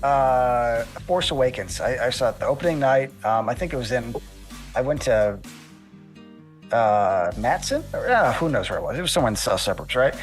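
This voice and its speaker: A man in casual chat, telling stories haltingly with many fillers. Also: mid-range voice, very animated, soft background music. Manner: hesitant, halting storytelling with fillers. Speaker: podcast guest.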